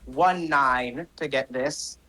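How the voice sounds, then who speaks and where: A man's voice: mid-range voice, slow, sharp tone, rough recording. A man narrating as game master of a tabletop game, casual and full of fillers and self-corrections.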